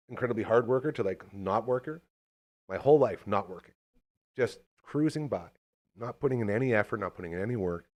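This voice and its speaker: A man hosting a podcast in casual chat, talking in an animated, fired-up, rambling way. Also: fairly low pitch. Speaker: podcast host.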